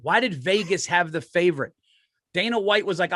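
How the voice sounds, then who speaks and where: A middle-aged man, a comedian co-hosting a podcast, telling stories in an excitable, profane way and laughing as he talks. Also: high voice, fairly quick, no echo, studio quality. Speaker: stand-up comedian and podcast co-host. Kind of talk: casual podcast chat.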